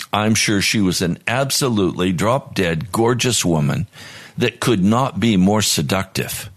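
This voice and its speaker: A man preaching a sermon as pastor, earnest and at times pleading in prayer. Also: sits low.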